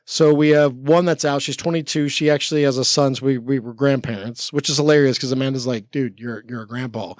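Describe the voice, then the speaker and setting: Speaking briskly with hardly any pauses, a podcast guest in his forties from the US rambles through personal anecdotes, restarting often and filling gaps with "like." His mid-range voice has fairly even intonation. The studio mic captures no room sound.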